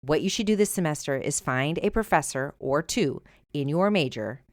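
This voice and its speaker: A middle-aged woman hosting a solo advice podcast, talking emphatically and conversationally, sometimes animated. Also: sits low, moderate pace, dry recording, studio quality. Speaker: podcast host. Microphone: earbuds with mic.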